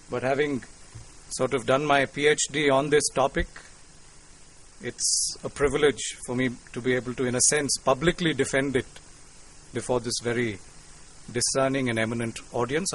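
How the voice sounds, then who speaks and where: A man with an Indian English accent giving a formal, courteous public lecture to an audience, measured and lightly humorous. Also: mid-range voice, slight background noise, poor audio. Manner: courteous, measured, with cricket quips. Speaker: invited lecturer. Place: lecture hall.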